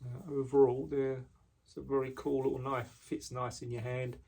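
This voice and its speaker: A man casually showing the knives he makes, talking in a relaxed way with frequent ums and restarts, indoors in his workshop. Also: medium pitch, moderate pace. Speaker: knife maker. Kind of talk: casual product walkthrough.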